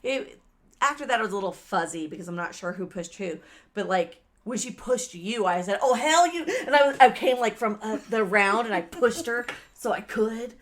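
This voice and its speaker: A woman co-hosting a podcast, telling a story in casual chat, animated and swearing, acting out quoted lines loudly. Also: mid-range voice, normal speed. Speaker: podcast co-host.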